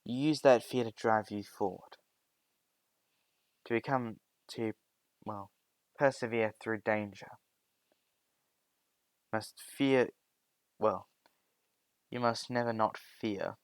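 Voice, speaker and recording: A man voicing a calm male hero who lectures a boy about fear, in a fan-made spoken story. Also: on the low side, takes it slowly, long pauses, no echo. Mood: earnest. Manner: earnest, lecturing. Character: calm older male hero giving advice.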